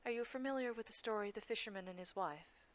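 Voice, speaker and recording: A woman running a tabletop game, narrating and speaking in character with measured, formal phrasing. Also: medium pitch. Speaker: game master.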